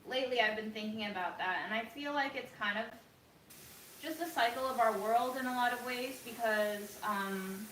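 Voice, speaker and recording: A woman with a bright, sharp-edged voice talks casually to her viewers from her home kitchen. She speaks in a soft, reflective way, pausing often with ums. The room gives a noticeable echo. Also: a little high, a little hiss or hum. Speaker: vlogger. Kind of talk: casual livestream chat. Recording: roomy echo.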